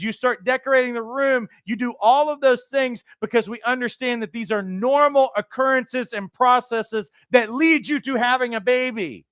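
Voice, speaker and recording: A life coach trainer gives an animated motivational talk to would-be coaches, slipping into the voices of people he quotes. His high voice is smooth and resonant, at normal speed with hardly any pauses. The recording is close and dry, with no room sound or echo.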